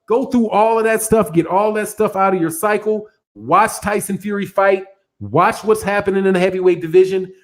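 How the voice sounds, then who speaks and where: Boxing channel host, middle-aged man, high-pitched voice, casual animated reaction commentary, repeats himself and talks straight to the viewers. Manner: laughs often between points.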